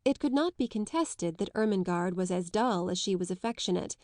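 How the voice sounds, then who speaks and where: Woman audiobook narrator, measured literary reading, dry close sound, mid-pitched voice. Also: animated, darkish tone, dry recording. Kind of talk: scripted narration of a classic novel.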